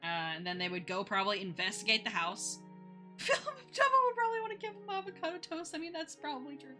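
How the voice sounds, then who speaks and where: A woman's voice: sits high, very animated, sharp tone, soft background music. A woman streamer chatting casually while she draws, rambling and giggling between thoughts. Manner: retells others' lines in quick playful voices. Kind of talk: casual chat while drawing on a live stream.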